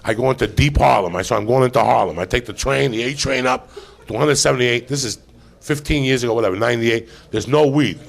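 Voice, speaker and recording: A man with a heavily gravelled, rough voice hosts a live podcast. He tells a profane comic story, excitable and hurtling into the punchlines. His pitch sits mid-range. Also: fast talker. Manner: profane, excitable, acts out every line. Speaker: podcast host.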